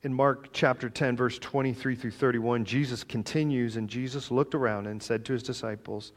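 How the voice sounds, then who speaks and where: Animated joking man preaching a sermon. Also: medium pitch, normal speed, few pauses. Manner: animated, joking, swings between loud and soft. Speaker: pastor.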